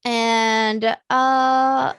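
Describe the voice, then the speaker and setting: A woman playing a tabletop game, chatty and hesitant with many ums, breaking into excited bursts. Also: on the high side, extremely slow, smooth, no room sound. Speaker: player. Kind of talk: casual tabletop play.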